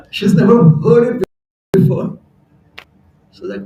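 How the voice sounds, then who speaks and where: A man's voice: sits high, a little slow, pauses often, warm tone, a little hiss or hum. A man giving a storytelling sermon at a temple hall, chatty and laughing at his own jokes. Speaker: temple speaker. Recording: echoey hall, voice from far off.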